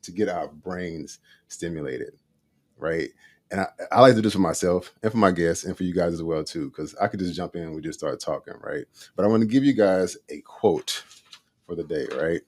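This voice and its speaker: A man with a very low voice hosts a relaxed live talk show. He talks in an easygoing way and keeps tossing in "right?" to check in with his audience. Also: moderate pace, no echo. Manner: laid-back, says "right?" constantly. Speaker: podcast host.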